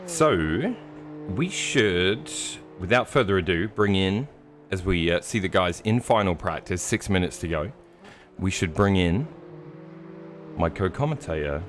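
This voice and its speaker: A man's voice: low voice, expressive, a little slow, background noise. A man commentating a sim race live, joking and teasing his co-host. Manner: jokey, playful teasing.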